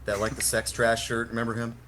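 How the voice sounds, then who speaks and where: A man's voice: medium pitch, monotone, fast, pushed and bright, slight background noise. A young man on a podcast telling a long, rambling anecdote with plenty of swearing and laughter. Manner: rambling, profane, laughs often. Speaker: podcast co-host. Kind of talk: casual storytelling chat.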